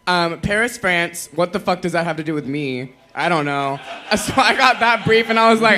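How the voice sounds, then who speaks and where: Drag queen guest, man, bright higher voice, chatty and profane, quick to laugh. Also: slight background noise. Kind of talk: casual chat.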